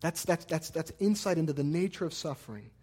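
A man's voice: fairly high pitch, animated, a little fast, a little mellow, breathy edge. A man in his thirties preaching a sermon, earnest, often repeating words as he builds a point and tells stories. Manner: earnest, repeats words when emphasizing, storytelling asides. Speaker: pastor.

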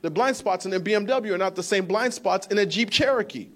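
Male pastor, thirties, slightly higher pitch, animated storyteller who builds to emphatic peaks. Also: brisk. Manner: animated storytelling, rising to emphatic outbursts, rhetorical questions to the crowd. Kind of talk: sermon.

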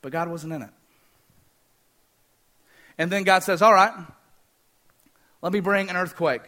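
High, bright-voiced young preacher. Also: male voice, unhurried. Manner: animated storytelling, asks the audience questions. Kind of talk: sermon.

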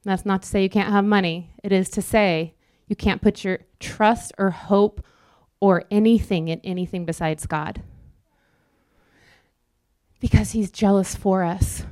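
Woman preaching, smooth and dry. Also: medium pitch, steady tone, a little mellow, dry recording. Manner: earnest, conversational preaching with quick asides. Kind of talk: sermon.

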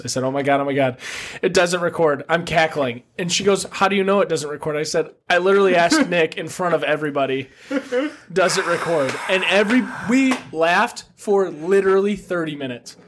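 A man co-hosting a podcast, telling a crude story in a rambling way with lots of laughs. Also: on the high side. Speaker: podcast co-host. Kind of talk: casual storytelling chat.

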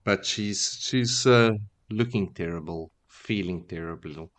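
A man hosting a podcast, casually retelling a book chapter in a relaxed, wry way with many fillers. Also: low-pitched, measured pace. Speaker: podcast host.

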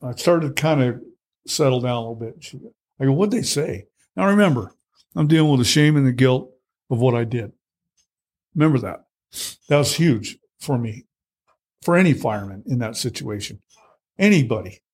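A man's voice: medium pitch, animated, moderate pace, pauses often, a little mellow. A middle-aged man telling his own story in conversation, blunt and plainspoken, full of fillers and restarts. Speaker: guest.

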